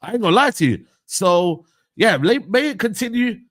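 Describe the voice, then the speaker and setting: A man's voice: high voice, lively intonation, normal speed, a bit bright. A young man, ranting about football in a heated casual debate, full of slang. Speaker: football pundit and United fan.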